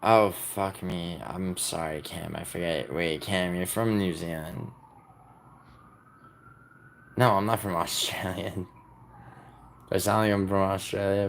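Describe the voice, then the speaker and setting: A man's voice: deep voice, fairly even intonation, a little slow, creaky, pauses often, a little hiss or hum. A young man from the United States hosting a casual livestream, rambling and teasing his viewers as he reads comments aloud. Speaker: livestream host.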